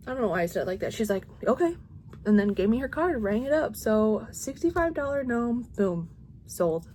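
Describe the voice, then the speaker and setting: A woman's voice: a little high, big pitch swings, fairly quick, a little mellow, slight background noise. A woman in her thirties, a crochet vlogger, chatting casually at home and rambling with lots of "like" and restarts.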